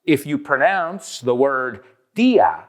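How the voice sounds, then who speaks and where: A man with a Northeastern US accent hosting a playful, energetic English lesson, switching between English and Spanish, with an announcer-style delivery. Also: mid-range voice, takes it slowly. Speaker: English teacher and host.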